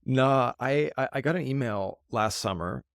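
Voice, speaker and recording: A man with a Canadian accent, a podcast guest, telling a story in a casual, animated way and acting out the voices he quotes. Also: medium pitch, normal speed, gravelly, clear, resonant tone, no echo, clean studio sound.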